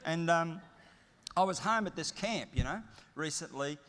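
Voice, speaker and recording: A middle-aged Australian man delivers a keynote in a large conference hall, his voice sitting a touch high and carrying a long reverb tail. He talks in a chatty, storytelling way with easy humour. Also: animated, a little slow, a bit bright. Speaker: keynote speaker.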